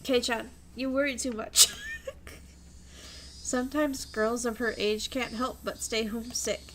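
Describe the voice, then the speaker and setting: A woman voicing a teasing, bossy teenage schoolgirl who leads her class, brisk and commanding. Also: a little high, steady tone, fairly bright tone, a little hiss or hum.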